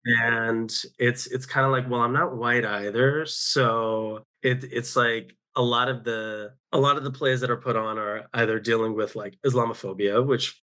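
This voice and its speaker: A man, a guest actor telling stories in a casual podcast interview, often pausing and correcting himself mid-sentence. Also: medium pitch, little pitch movement, bright, forceful tone. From San Francisco Bay Area, USA. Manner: halting, self-correcting storyteller.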